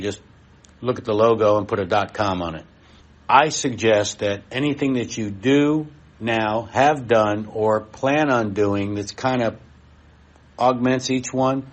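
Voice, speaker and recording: A lowish-voiced, middle-aged man addresses the crowd in the room at a live expo presentation. He speaks bluntly, in a folksy style.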